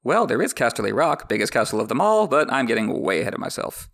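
A man voicing a scheming, bitter, witty dwarf nobleman in a sardonic, quick-tongued way, with a gravelly voice. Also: mid-range voice, big pitch swings, a bit bright, full character voice.

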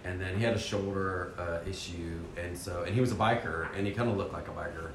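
A man with a lowish voice tells a church mission story in a casual, animated way, poking fun at himself and acting out his own thoughts. He sounds like he's in a roomy, echoey space. A faint rumble sits underneath. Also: brisk. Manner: animated, acts out his own inner voice, self-deprecating. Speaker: church member sharing a mission trip story.

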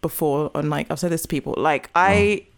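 A London podcast co-host talks in a loose, rambling way, full of fillers. The voice sits at a middle pitch and picks up energy when recounting stories. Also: a little fast, background noise. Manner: rambling, many fillers, animated storytelling. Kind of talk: casual chat.

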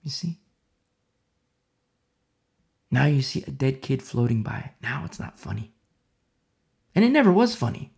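A man's voice: medium pitch, sing-song, moderate pace, creaky, darkish tone. A man preaching a sermon in an emphatic, storytelling way, often repeating himself for emphasis.

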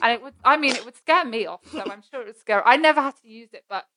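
A woman's voice: a little high, expressive, fast talker, bright, forceful tone. A young woman in casual chat who hesitates, corrects herself often and giggles.

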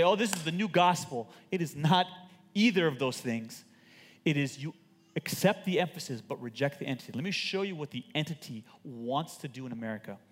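A man preaching a sermon as a pastor, animated and emphatic with joking stories, in a large church auditorium. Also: fairly high pitch. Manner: animated, emphatic, jokey storytelling. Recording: long hall reverb.

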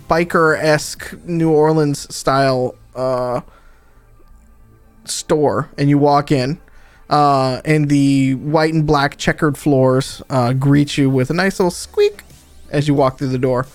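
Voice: mid-range voice, measured pace, clear, resonant tone, no room sound, faint music behind. A game master narrating a tabletop game, loose and rambling with lots of fillers.

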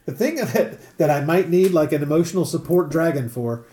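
A man's voice: on the high side, expressive, moderate pace, a loud crowd. A man hosting a casual podcast roundtable, chatty and wry, often breaking into laughter. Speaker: podcast host.

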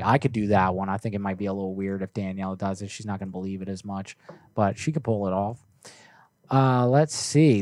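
A man's voice: fairly low pitch, warm tone, dry recording, studio quality. A young man hosting a prank call livestream, reading viewer requests in an offhand, joking way with some swearing. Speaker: prank call streamer host. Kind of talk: casual livestream chat.

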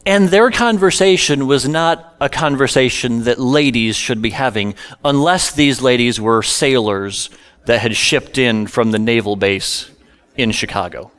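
A man's voice: medium pitch, measured pace, a bit bright. A middle-aged male pastor telling a humorous personal story in a sermon, self-deprecating and conversational.

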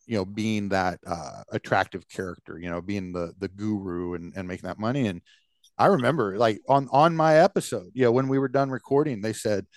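A man's voice: lowish voice, brisk, dry recording. Rambling male podcast host, dry close sound. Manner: rambling, many fillers and restarts. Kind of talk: casual conversational rant.

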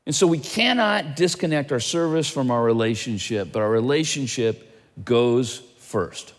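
A male pastor preaching a sermon in an animated way, asking his listeners question after question. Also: medium pitch, a little slow, big-room sound.

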